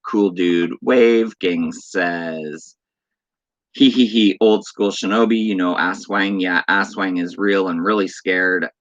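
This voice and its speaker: A man's voice: deep voice, takes it slowly, no room sound, lo-fi sound. A man hosting a horror livestream, reading viewers' chat messages aloud and teasing them with spooky lines. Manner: playful, spooky teasing of chatters. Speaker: livestream host.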